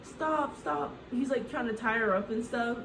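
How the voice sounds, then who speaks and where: A woman's voice: fairly high pitch, fairly even intonation, fairly quick, noisy background. A woman retelling a film in a loose, rambling, comedic way, packed with "like" and the odd swear word. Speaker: movie recap host. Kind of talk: casual comedic movie retelling. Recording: echoey room.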